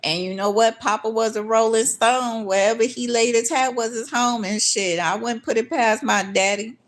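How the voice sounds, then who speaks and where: A woman's voice: fairly high pitch, fairly even intonation, normal speed. A woman vlogger in a casual ranting monologue, blunt and profane, angry and repeating herself when she gets worked up.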